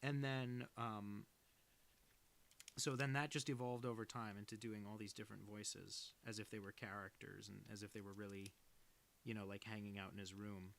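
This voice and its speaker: A man's voice: lowish voice, little pitch movement, normal speed, vocal fry, fairly bright tone, slight background noise. A man chatting casually with viewers on a live stream as he inks a cartoon, rambling and self-deprecating. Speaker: cartoonist streaming his work. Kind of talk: casual live-stream chat while drawing.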